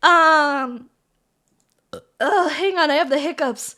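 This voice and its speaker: A woman's voice: very high voice, lively intonation, unhurried, bright, forceful tone. A woman streamer chatting casually with her viewers while building model kits, playful and giggly, with frequent swearing. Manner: giggly, profane, playful banter with chat.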